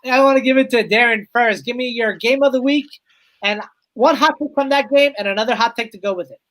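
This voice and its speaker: A man's voice: very high voice, brisk, fairly bright tone, no echo, low-quality recording. A man hosting a casual sports podcast, upbeat and joking as he hands topics to his co-hosts. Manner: upbeat, joking, steering the talk between guests. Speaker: podcast host.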